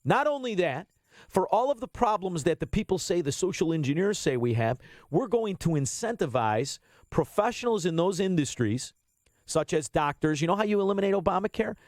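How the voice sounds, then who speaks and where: A man's voice: sits high, big pitch swings, a little fast, a little mellow, no echo. A man hosting a political talk radio show, blunt and combative, swearing freely.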